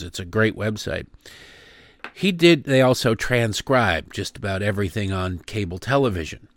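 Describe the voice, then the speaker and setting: A man's voice: on the low side, no echo, studio quality. Sarcastic, indignant male commentator. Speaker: political commentary host. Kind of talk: opinionated political commentary.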